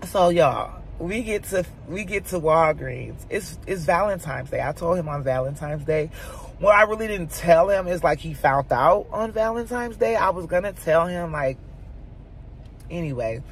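A woman mom vlogger chatting casually to her viewers, telling a personal story in an animated, chatty way. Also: fairly low pitch, normal speed, a little hiss or hum.

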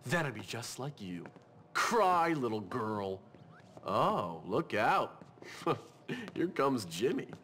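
A man's voice: medium pitch, sing-song, slow pace, fairly bright tone, slight background noise. A man voicing a scheming, sarcastic teenage boy bully in a video game cutscene, mocking in a sing-song way.

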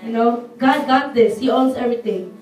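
A teenage girl with a husky voice, earnestly and casually urging a church to give offerings and reading scripture aloud. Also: fairly high pitch, moderate pace. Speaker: church member exhorting for offerings. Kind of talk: church exhortation. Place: church hall. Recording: echoey hall, mic far off, soft guitar behind.

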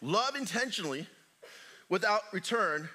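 Animated, high-voiced joking preacher man. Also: moderate pace, slightly rough. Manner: animated, joking preacher with big swings in loudness. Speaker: pastor. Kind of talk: sermon. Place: church sanctuary.

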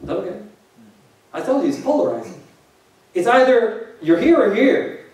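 Guy pastor preaching, high voice, loud echoey church hall, mic a bit far off. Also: very animated, moderate pace. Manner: conversational, jokey preaching with rhetorical questions to the congregation. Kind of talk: sermon.

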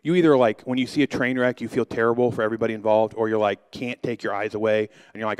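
A man's voice: fairly low pitch, fairly even intonation, fast talker, few pauses, darkish tone, clear, resonant tone, no room sound. A middle-aged man, a pastor, telling a humorous personal story during a sermon in a loose, joking way. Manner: humorous, anecdotal, loose with fillers.

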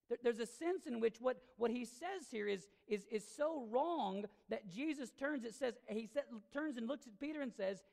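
A woman pastor delivers a sermon in an emphatic, conversational manner. Her voice swings widely in pitch and carries a gravelly edge. It rings out with the long reverb of a church hall. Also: a little mellow. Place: church sanctuary.

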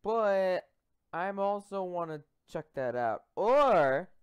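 A man's voice: sits high, big pitch swings, takes it slowly, smooth. A man playing a video game, reacting in a bemused, chatty way. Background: loud game music.

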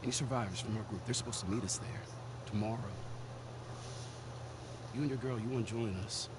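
An actor playing a calm, practical adult survivor leading a small group in a video game. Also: male voice, fairly low pitch, fairly quick, lightly acted. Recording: game audio with background noise.

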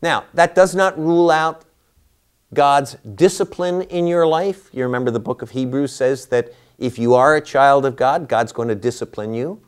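A man's voice: mid-range voice, normal speed, clear, resonant tone. A man teaching a Bible class, lecturing through a passage and posing rhetorical questions to his listeners.

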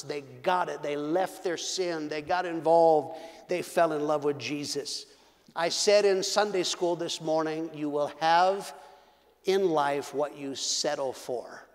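A man preaching a sermon as pastor, fervent and emphatic. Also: sits high. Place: church sanctuary. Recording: long hall reverb.

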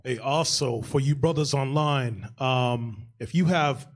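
A man's voice: medium pitch, unhurried. A church elder, a man speaking in sermon commentary, with an earnest, exhorting manner.

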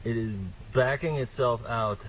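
A man calmly narrating his own home video as he films an animal. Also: mid-range voice, unhurried, crowd noise, low-quality recording. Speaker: man filming a snake in a log.

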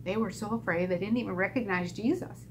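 A woman teaching a children's Bible lesson at a church, telling the story in an animated voice and acting out the characters' lines. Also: a little fast, slight background noise. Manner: animated, acts out characters' lines with big pitch jumps.

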